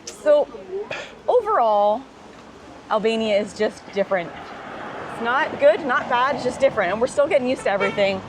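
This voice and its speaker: A woman's voice: fairly high pitch, expressive, normal speed, long pauses, crowd noise. A woman chatting casually and laughing often while walking outdoors, filming a travel vlog. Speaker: travel vlogger. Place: outdoors on a busy street. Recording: street and traffic noise.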